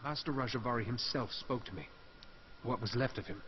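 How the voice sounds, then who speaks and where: Brief: actor as respectful young male Jedi, fast delivery, faint ambience. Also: mid-range voice, muffled recording, slight background noise, close to an everyday voice. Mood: earnest. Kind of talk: video game voice acting.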